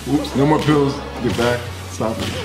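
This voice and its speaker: A man casually reacting to a video, swearing and breaking into loud laughing outbursts. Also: mid-range voice, steady tone, moderate pace, echoey room, over music. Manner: talks with his mouth full at the start.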